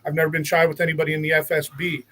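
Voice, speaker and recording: A man with a slightly raised pitch speaks earnestly as a podcast guest, giving opinions in casual talk. He often restarts and repeats words as he builds his point. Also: completely flat delivery, very fast, bright, forceful tone, low-quality recording. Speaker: guest, veteran.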